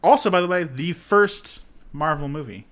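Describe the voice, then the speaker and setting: A man's voice: a little high, expressive, normal speed, a bit bright. A man co-hosting a casual podcast, easygoing, laughing often and answering briefly. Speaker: podcast co-host.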